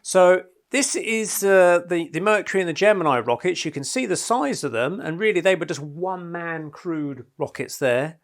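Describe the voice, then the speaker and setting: A man's voice: sits high, moderate pace, hardly any pauses. Chatty man giving a talk. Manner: rambling, chatty, with many fillers. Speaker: presenter. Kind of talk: live talk to a group. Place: room in a house, talk to a small group.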